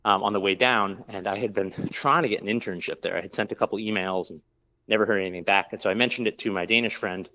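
Rambling low-voiced man telling a story. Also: fairly even intonation, quick pace, bright, forceful tone, highs cut off. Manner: rambling, with many fillers and restarts. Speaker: brewer. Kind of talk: casual storytelling interview.

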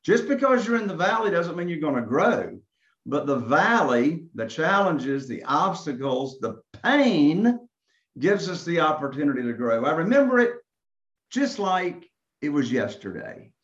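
A man's voice: a little high, big pitch swings, unhurried, a bit bright. A man from Eastern North Carolina, a real estate investor telling his story in a conversation and acting out phone calls. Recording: echoey, dull lo-fi sound.

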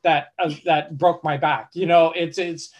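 A man's voice: on the high side, unhurried. A man, a travel blogger and guest, telling a story casually with lots of restarts and fillers. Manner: animated, many restarts and fillers. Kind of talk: conversational storytelling.

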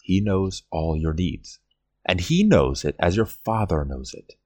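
A man's voice: deep voice, lively intonation, a little slow, darkish tone. A man reading aloud an old sermon in an earnest style, with rising and falling emphasis. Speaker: reader of a historic sermon.

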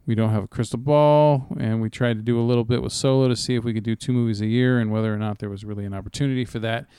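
A man co-hosting a relaxed chat podcast, talking loosely with plenty of ums and casual cursing. His voice is smooth and clear, and it is recorded close on a dry mic. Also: medium pitch, racing, no echo. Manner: laid-back, swearing, filler-heavy. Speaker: podcast co-host.

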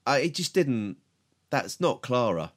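British man grumbling in a lively voice. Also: medium pitch, unhurried. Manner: hesitant, repeats words, grumbling. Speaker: podcast co-host. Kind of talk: casual review chat.

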